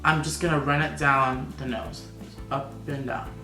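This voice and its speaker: A man's voice: medium pitch, steady tone, unhurried, pushed and bright, faint music behind. Sassy campy man, echoey room. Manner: sassy, campy, playful asides. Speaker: makeup vlogger. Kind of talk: makeup tutorial vlog.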